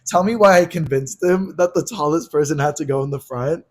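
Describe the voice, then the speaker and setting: A young man co-hosting a podcast, casually telling a wild travel story, swearing freely and acting out the yelling in his quotes. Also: a little high, brisk. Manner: animated, swearing, acts out yelled quotes. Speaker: podcast co-host.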